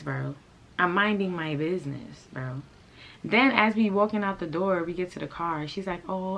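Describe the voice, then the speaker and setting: A young woman telling a storytime vlog story in a brash, profane way, swinging into loud, animated outbursts. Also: sits low. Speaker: storyteller vlogger. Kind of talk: casual storytime rant.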